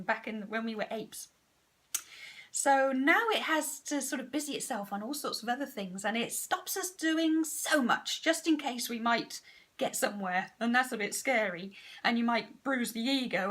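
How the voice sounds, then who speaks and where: A woman's voice: on the high side, expressive, moderate pace, a bit bright. A woman, a parent, speaking candidly in a casual vlog monologue, frank and self-deprecating. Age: adult parent. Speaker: vlogger.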